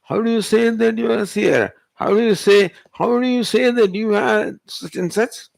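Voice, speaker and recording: A man's voice: high-pitched, moderate pace, creaky, no echo. A male spiritual teacher, giving a Vedanta discourse and pressing the listener with rhetorical questions. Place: retreat hall.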